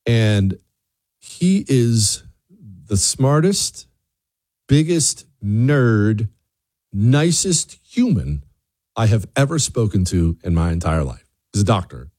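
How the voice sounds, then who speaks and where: Animated man, dry close sound. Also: slightly rough, no echo. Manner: animated, jumps into high mocking voices when quoting others; rhetorical questions, repeats words. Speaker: commentator. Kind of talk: opinion monologue.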